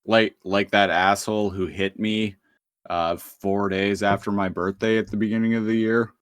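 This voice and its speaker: A man co-hosting a podcast, telling stories in a relaxed way with many fillers. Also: lowish voice, clear, resonant tone, no echo, clean studio sound. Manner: unhurried storytelling with many "uh" and "like" fillers. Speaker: podcast co-host. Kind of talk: casual podcast chat.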